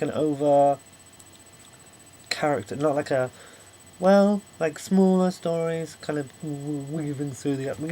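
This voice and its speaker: A man's voice: medium pitch, darkish tone, a little hiss or hum, poor audio. A young man giving a casual video review, rambling and apologetic, often correcting himself.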